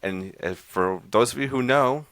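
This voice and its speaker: A man's voice: medium pitch, unhurried, fairly bright tone, no echo. A man hosting a podcast, casually recapping a horror short film in a rambling, loose way full of fillers. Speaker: podcast host reviewing horror short films.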